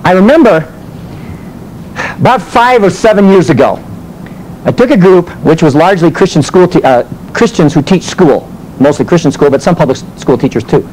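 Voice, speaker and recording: Over poor audio with a little hiss or hum, a man from the United States preaches and teaches a sermon in a fairly high voice at normal speed. A teacher and minister, he tells animated stories and asks rhetorical questions.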